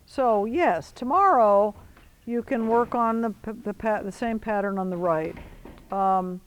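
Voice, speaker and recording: Brisk woman coaching a rider. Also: medium pitch, a little hiss or hum, poor audio. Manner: brisk commands mixed with encouragement. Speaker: riding instructor. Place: riding arena.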